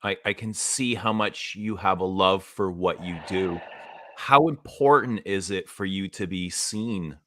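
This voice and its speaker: Male host, deep and bright, gentle questioning. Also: measured pace. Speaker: interviewer. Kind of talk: interview questions.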